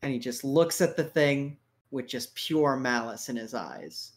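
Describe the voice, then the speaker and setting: A man's voice: mid-range voice, measured pace. Joking casual game master guy. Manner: casual, swearing, joking, lots of fillers. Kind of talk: narrating a tabletop game and hosting a stream.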